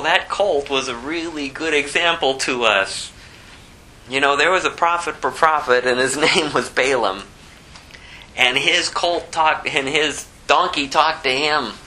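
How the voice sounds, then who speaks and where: A pastor preaching from the podium in an easy, conversational way, stopping often to ask rhetorical questions. His voice is bright and clear, with a soft bed of room sound behind him. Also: a little high, a little hiss or hum, low-quality recording. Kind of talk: sermon with scripture reading.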